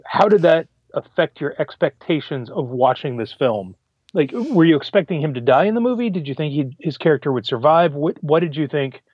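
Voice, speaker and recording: A man co-hosting a podcast, animated and emotional in casual movie review chat, restarting words as he talks. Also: a little high, brisk, husky, no room sound, lo-fi sound. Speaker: podcast co-host.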